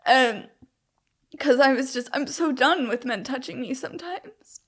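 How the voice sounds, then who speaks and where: A woman's voice: high voice, a little slow. A young woman interviewee telling her own story candidly, rambling with lots of "like" fillers and restarts. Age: young adult. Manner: open and emotionally frank.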